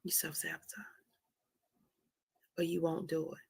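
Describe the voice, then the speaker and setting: A woman hosting a motivational livestream, speaking softly and slowly with a Southern American touch, often dropping to a whisper. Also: low-pitched, monotone, vocal fry, breathy edge, dry recording. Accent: American, Southern country touch. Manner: soft, slow and prayerful, often dropping to a whisper. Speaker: livestream host.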